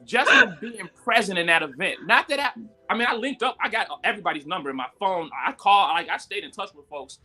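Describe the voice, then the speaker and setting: A man telling a story in casual live-stream talk, animated and full of "like" and "yo", jumping high when he quotes people. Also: fairly quick, faint music behind. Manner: animated, acts out quotes with sudden high pitch jumps; frequent fillers "like" and "yo". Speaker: guest entrepreneur.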